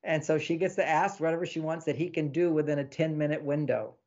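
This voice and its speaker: A man, an author of relationship books, giving casual advice as a podcast guest, animated and fond of acting out little quoted exchanges with a laugh. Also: fairly high pitch, fast talker, lo-fi sound. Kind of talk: casual advice talk in an interview.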